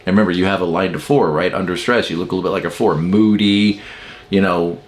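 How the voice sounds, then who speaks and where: A man's voice: low voice, fairly even intonation, fast. Man teaching in a musing, conversational way. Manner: conversational, musing aloud with fillers and rhetorical questions. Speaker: personality-type teacher. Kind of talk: casual spoken lesson.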